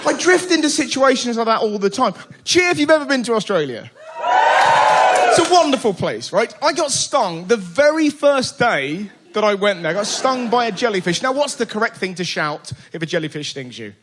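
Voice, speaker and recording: High-pitched man doing stand-up. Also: normal speed. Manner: animated storytelling, shouting punchlines. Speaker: stand-up comedian. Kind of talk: stand-up routine. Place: theatre stage. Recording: live theatre with loud laughing crowd and noise.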